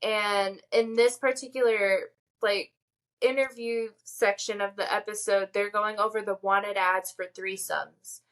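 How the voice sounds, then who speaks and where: A woman's voice: medium pitch, flat delivery, a little slow, a bit bright, low-quality recording. A woman co-hosting a casual podcast, chatty and recapping with lots of fillers. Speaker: podcast co-host.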